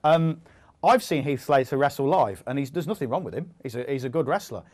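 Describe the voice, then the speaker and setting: A man in his thirties hosting a casual studio chat, jokey and quick, with plenty of ums. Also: medium pitch, animated, a little mellow. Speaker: host.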